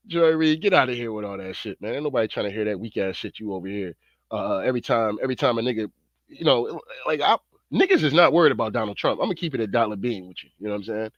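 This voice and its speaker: A man's voice: mid-range voice, lively intonation, fast, no room sound, dull audio. A man doing profane reaction commentary, slangy, rambling and fired-up. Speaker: online commentator.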